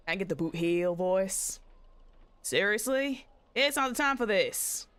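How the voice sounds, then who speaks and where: A woman's voice: mid-range voice, lively intonation, measured pace, a bit bright, smooth, dry recording. A young woman streaming a game, chatting playfully and giggling while she reads the story text aloud. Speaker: VTuber streamer. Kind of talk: casual game-stream chat, reading dialogue aloud.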